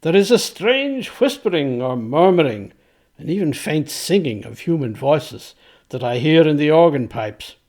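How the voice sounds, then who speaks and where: A man's voice: a little high, sing-song, unhurried, a little mellow. A man reading aloud, voicing an earnest, courteous eighteenth-century composer in formal, old-fashioned speech.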